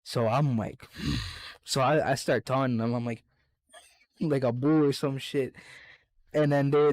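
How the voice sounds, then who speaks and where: A man's voice: mid-range voice, normal speed, long pauses, a little mellow, no echo. A young man on a casual podcast, telling a rowdy, profane story full of acted-out quotes. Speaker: podcast co-host.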